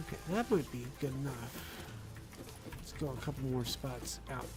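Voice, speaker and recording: A man's voice: mid-range voice, expressive, normal speed, music in the background. A man streaming a building game, muttering to himself as he works and chatting to his cat and viewers. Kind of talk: casual game stream chat. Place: home room with a cat. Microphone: close desk microphone.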